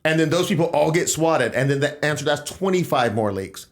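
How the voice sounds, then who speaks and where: A man's voice: a little high, lively intonation, fairly quick. A man hosting a casual political podcast, talking in an emphatic, rambling way. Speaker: podcast host.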